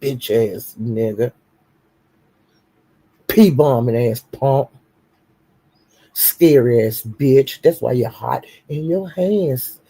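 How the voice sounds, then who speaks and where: A man ranting on a live stream, taunting someone with profane insults and slow, drawn-out jabs. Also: medium pitch, mellow, breathy edge. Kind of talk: heated live-stream rant.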